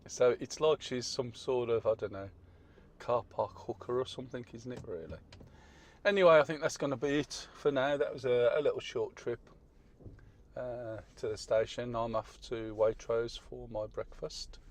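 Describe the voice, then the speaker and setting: A man's voice: mid-range voice, fairly even intonation, normal speed. A middle-aged man, giving wry, teasing commentary to camera from inside a car. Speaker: vlogger.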